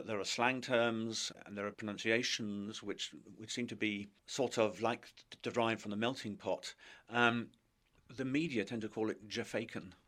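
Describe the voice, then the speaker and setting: Male linguist, lowish, measured interview explainer. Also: a bit bright. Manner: measured, academic, careful phrasing.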